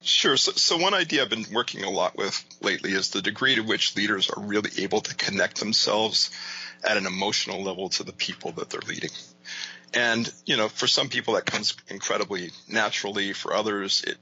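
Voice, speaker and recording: A man's voice: lowish voice, sharp tone, muffled recording, a little hiss or hum. A male guest in an interview, explaining his ideas thoughtfully with lots of "you know" and "right?". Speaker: guest, leadership author and coach. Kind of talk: casual interview talk.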